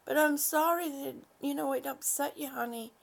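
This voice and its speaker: A woman's voice: high voice, normal speed, vocal fry. A woman chatting casually on a live stream, greeting viewers one by one with affectionate pet names and rambling with fillers and restarts.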